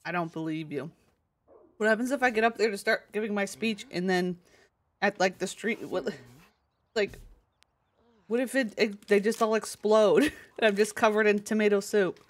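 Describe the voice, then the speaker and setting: Woman, live streamer, casual chat, playful, thinks out loud, middle pitch. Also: normal speed, pauses often. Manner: chatty, playful, thinks aloud.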